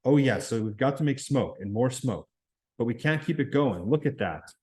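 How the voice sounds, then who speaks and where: A man's voice: medium pitch, expressive, normal speed, darkish tone, close to an everyday voice. Anxious asthmatic schoolboy read by a man, earnest and pleading, audiobook.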